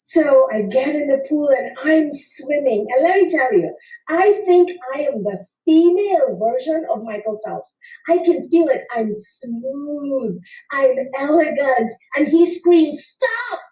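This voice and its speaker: A woman's voice: high voice, expressive, unhurried, warm tone. A woman in her fifties telling a funny personal story to an audience, playful and acting out the people in it. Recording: roomy sound from a distant mic.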